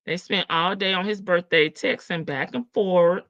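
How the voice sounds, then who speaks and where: A woman's voice: on the low side, normal speed, fairly bright tone, dry recording. A woman hosting a casual livestream, reading chat comments aloud in a sassy, teasing way and laughing often. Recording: dull lo-fi stream audio.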